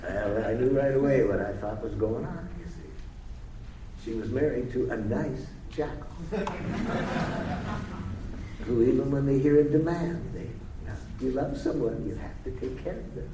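A man leading a live workshop in a playful, deliberate, coaxing way, recorded in an echoey room from a distance. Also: mid-range voice. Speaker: workshop leader. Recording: echoey room from far off, faint noise.

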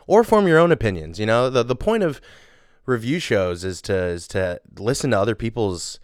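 A young man co-hosting a podcast, trading sarcastic jokes and laughing often. His voice is low and smooth, close on the mic and completely dry. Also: big pitch swings, normal speed, dry recording. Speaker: podcast co-host. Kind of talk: casual chat.

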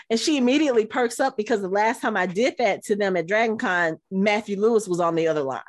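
A middle-aged woman co-hosting a podcast, telling a long convention story in casual chat and acting out the quotes in high voices. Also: quick pace, hardly any pauses, dry recording, studio quality. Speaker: podcast co-host.

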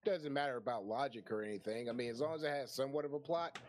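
A man's voice: medium pitch, quick pace, a little hiss or hum. A man in a casual group chat, wry and questioning.

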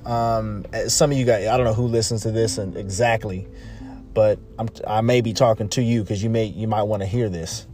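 A man's voice: fairly low pitch, steady tone, moderate pace, a little mellow, soft background music. A man hosting a podcast, talking casually and emphatically, repeating phrases and restarting sentences. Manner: repetitive, emphatic, rambling with restarts. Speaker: podcast host. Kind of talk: casual motivational monologue.

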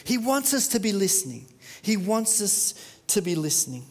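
A man's voice: high-pitched, big pitch swings, normal speed, long reverb tail. A man with an Australian accent, preaching a sermon through an earnest, conversational story.

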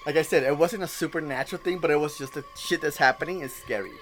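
A young man co-hosting a podcast who tells a scary story in casual slang and swears freely, getting louder and more excited as it goes on. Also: on the high side, quick pace, background noise. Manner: slangy, profane, grows loud and excited while telling a scary story. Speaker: podcast co-host.

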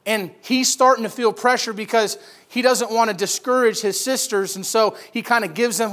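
A man preaching a sermon, retelling a scripture story vividly with rhetorical questions and swings between loud emphasis and hushed lines. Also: high voice, normal speed. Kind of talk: expository sermon.

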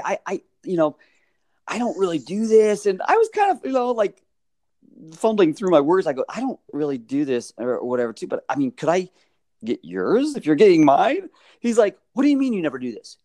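A man's voice: high-pitched, moderate pace, no echo, clean studio sound. A man telling a story in casual chat, acting out quotes with lots of laughter. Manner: animated, acts out quotes with laughs.

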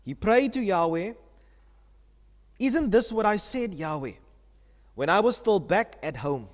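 A pastor with a high-pitched voice preaches to his congregation, stopping often to ask them questions. His voice rings out with a long reverb from the church hall. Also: expressive, unhurried. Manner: teaching, asks the congregation questions. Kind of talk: sermon.

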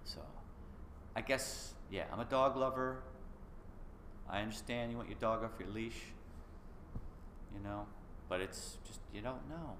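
A man's voice: fairly low pitch, measured pace, long pauses, fairly bright tone. A man co-hosting a podcast in casual chat, easygoing and rambling, with frequent restarts. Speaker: podcast co-host. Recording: echoey room with faint noise.

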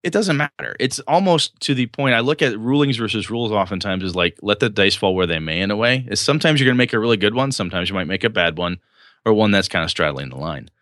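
Guy running tabletop games talk, lowish voice but really bright, dry close mic, laughs a lot. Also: fast, no echo. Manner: animated, swearing, laughing, acts out game scenes. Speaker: podcast host and game master. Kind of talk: casual chat about running tabletop games.

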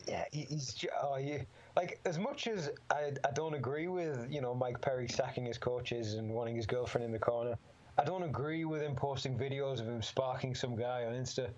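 A man's voice: medium pitch, normal speed, darkish tone. A man talking casually about fighting, rambling, swearing freely and laughing often. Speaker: amateur MMA fighter guest. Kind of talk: casual chat. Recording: slightly dull lo-fi sound.

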